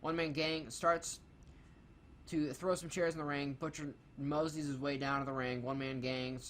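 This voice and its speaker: A man's voice: a little high, flat delivery, moderate pace, a bit bright, slight background noise. Sarcastic man swearing through a review. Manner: reads notes aloud, swears freely, sarcastic. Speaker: co-host reviewing a wrestling show. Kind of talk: casual, profane review commentary.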